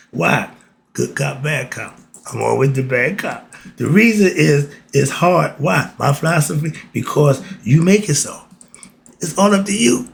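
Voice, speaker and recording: A man's voice: fairly high pitch, gravelly, slight background noise. A man giving a casual spiritual talk, asking himself rhetorical questions and answering them. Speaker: spiritual teacher.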